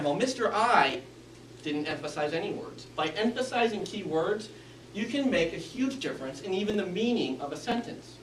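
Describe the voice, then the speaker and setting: A man's voice: sits high, animated, moderate pace, a bit bright, a little hiss or hum. A man giving a prepared club speech on speaking skills, with varied inflection and an instructive manner. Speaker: Toastmasters speaker. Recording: echoey room, mic from a distance.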